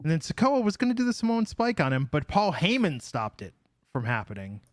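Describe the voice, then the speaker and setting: A man's voice: fairly high pitch, huge pitch swings, a little fast, no room sound. A man hosting a podcast in casual chat, telling stories with wry, dry humor. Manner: wry storytelling, dry jokes. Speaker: podcast host.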